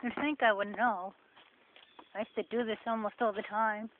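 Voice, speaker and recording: A woman's voice: mid-range voice, steady tone, normal speed. A woman with a New Jersey accent, rambling sarcastically in a casual vlog while walking a forest path. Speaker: vlogger. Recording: tinny phone-like sound with faint noise.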